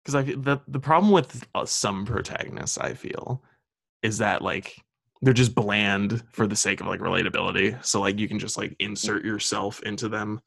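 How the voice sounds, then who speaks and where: A young man in casual podcast talk, rambling through his thoughts with plenty of "like" and "um". His voice has a gravelly edge, and it sounds dry and close. He's on a remote call mic. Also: lowish voice, normal speed, a bit bright, no echo. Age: young adult. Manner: rambling, filler-heavy, laughs often. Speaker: podcast host. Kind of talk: casual chat.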